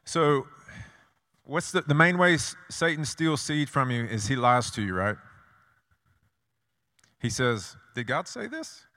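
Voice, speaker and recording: The preacher's middle-pitched voice is bright and forceful yet steady, moving at a slow pace with long pauses that let the sanctuary's long reverb ring out. Through stories, rhetorical questions, and repetition, he hammers his ideas home.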